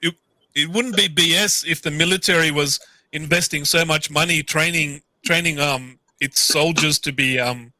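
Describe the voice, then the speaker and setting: A man's voice: a little high, normal speed, bright, forceful tone, poor audio. A man on a casual panel show who jokes and repeats phrases.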